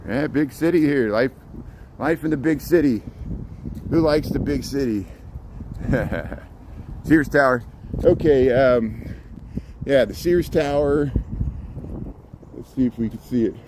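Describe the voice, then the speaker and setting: A man's voice: medium pitch, slow pace, long pauses. A man talks as he walks through a city park at dawn, filming on a handheld phone and chatting to his livestream viewers. He rambles, repeating words and restarting his sentences, and sounds a little out of breath. Traffic hum and street sounds sit faintly behind his voice. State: slightly out of breath from walking. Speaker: walking livestream host. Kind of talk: casual live walking commentary.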